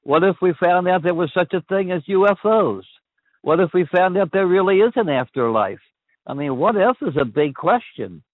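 An older man hosts a call-in chat, pondering big questions aloud and tripping over his own restarts. His voice sits a little high and swings widely. It comes through dry and narrow, like a phone line. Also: lively intonation, normal speed, no room sound. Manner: ponderous, repeats and restarts phrases. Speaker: call-in show host.

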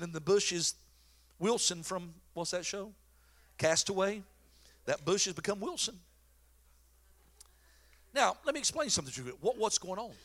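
A middle-aged pastor preaches with a bright, forceful edge to his voice. He tells stories and jokes in a folksy, animated way. His voice sits high for a man. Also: normal speed, long pauses. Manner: folksy, joking, animated storyteller. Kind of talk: sermon.

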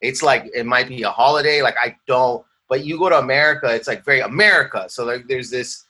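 A man's voice: mid-range voice, brisk, bright, forceful tone. A man from Canada, a stand-up comedian, chatting casually in a rambling, ranty storytelling way and slipping into playful voices. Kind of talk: casual interview chat.

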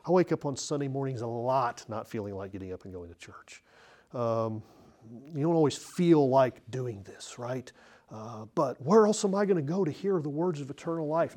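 Pastor with a mellow voice, preaching earnestly. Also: male voice, a little high. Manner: earnest, emphatic preaching with swings between loud and soft. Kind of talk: expository sermon. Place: church, speaking from the pulpit.

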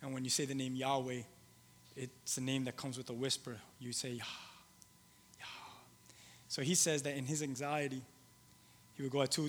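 A male pastor preaching a sermon, shifting between loud emphatic lines and soft, low storytelling, with halting restarts and repeated phrases. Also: slight background noise. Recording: long hall reverb.

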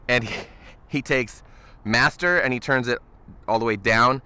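A man cohosting a podcast, telling a story in an animated, casual way and chuckling often. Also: medium pitch, normal speed, clean tone. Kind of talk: casual chat.

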